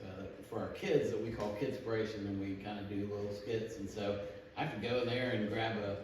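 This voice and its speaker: A man preaching in a church, his voice picked up from a distance so that it rings with heavy echo and a steady noise underneath. He talks in a casual, halting way, restarting phrases as he goes. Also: on the low side. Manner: informal, frequent restarts and fillers. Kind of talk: conversational sermon. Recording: very echoey room, distant mic, background noise.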